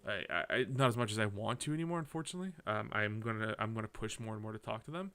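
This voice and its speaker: A man's voice: on the low side, expressive, rapid-fire, a bit bright. A man from Canada hosting a solo podcast, drinking as he talks, rambling casually, correcting himself and swearing now and then. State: drinking while talking. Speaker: podcast host.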